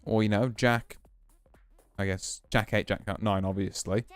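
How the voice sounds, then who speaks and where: Smooth low-voiced male poker streamer. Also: measured pace, faint music behind. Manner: relaxed, musing, explains hands as he plays. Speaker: VTuber streamer. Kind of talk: casual poker play commentary.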